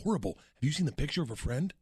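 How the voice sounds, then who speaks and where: A man's voice: on the high side, big pitch swings, very fast, darkish tone, slightly rough, dry recording, clean studio sound. A young man, a comedian, telling rambling stories in casual chat, laughing often and acting out what people said. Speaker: comedian guest.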